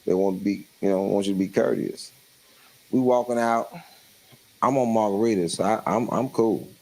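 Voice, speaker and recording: A man telling a comic story, laughing as he goes and jumping into loud voices for the people in it. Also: normal speed, creaky, rough recording. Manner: animated, laughing through the story, jumps into loud high voices for other people. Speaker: storyteller on a livestream show.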